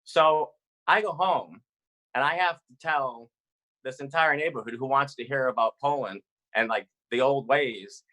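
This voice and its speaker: A man from Massachusetts telling a personal story live over a video call, animated and chatty with fillers. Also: mid-range voice, unhurried, low-quality recording.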